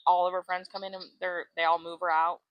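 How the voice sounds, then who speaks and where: A woman's voice: fairly low pitch, quick pace, muffled recording. A woman co-hosting a podcast, retelling a book plot in casual chat, acting out the characters' lines and swearing freely. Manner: animated storyteller, acts out quotes, swears freely. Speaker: podcast co-host.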